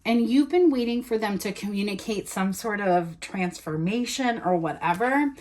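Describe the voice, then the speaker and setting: A woman's voice: medium pitch, lively intonation, normal speed, darkish tone. A woman doing a casual tarot reading, chatting and thinking aloud as she turns and reads the cards. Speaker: tarot reader.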